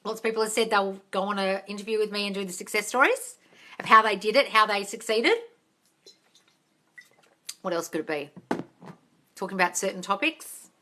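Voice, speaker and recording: A young woman chatting casually on a livestream, answering viewer questions, excitable and swearing freely. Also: mid-range voice, normal speed, pauses often. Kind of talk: casual live chat.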